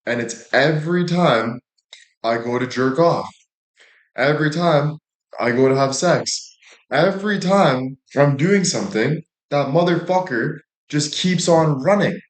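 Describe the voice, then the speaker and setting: Speaking in a fairly high voice without rushing, a young livestreamer rambles through crude anecdotes peppered with profanity. The casual chat is recorded in a room with noticeable echo.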